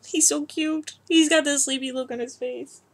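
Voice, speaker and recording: A woman's voice: sits high, steady tone, moderate pace. A young adult woman chatting casually to camera, rambling, laughing often, and cooing baby talk at her cat. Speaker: vlogger.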